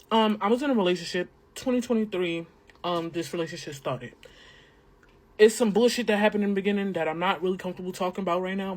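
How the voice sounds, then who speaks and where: Low-voiced woman spilling her story. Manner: candid, chatty, slangy. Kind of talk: casual storytime.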